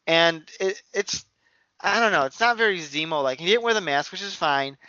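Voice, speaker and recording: A man co-hosting a podcast, chatting casually, opinionated and halting with fillers. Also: a little high, expressive, pushed and bright, clean tone, no room sound. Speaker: podcast co-host. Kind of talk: casual chat. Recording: dry, dull lo-fi audio.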